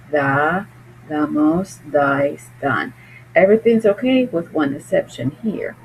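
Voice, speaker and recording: A woman's voice: low voice, a little mellow, a little hiss or hum, poor audio. A woman teaching Spanish verb conjugation in a screencast lesson, explaining patiently and thinking aloud.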